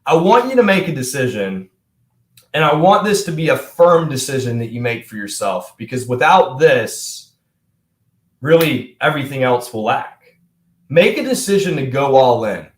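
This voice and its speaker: A young man giving an energetic, emphatic motivational talk as a coach, speaking straight to his viewers. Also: medium pitch, normal speed, echoey room.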